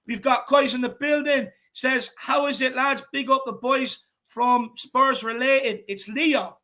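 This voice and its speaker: A man hosting a casual livestream chat, reading out viewer messages with animated energy. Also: extremely high pitch, unhurried. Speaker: host of fan channel.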